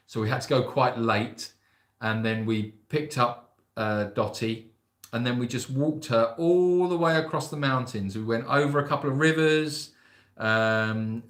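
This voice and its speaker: A man's voice: medium pitch, a bit bright. Chatty man in echoey room. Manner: rambling, chatty storyteller. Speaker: sanctuary host. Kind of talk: casual livestream chat.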